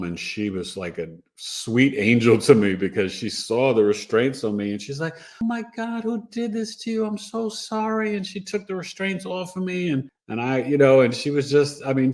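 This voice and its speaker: A man from New York, a guest recounting his own experience in an earnest, emotional way with frequent restarts. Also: lowish voice. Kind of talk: personal storytelling.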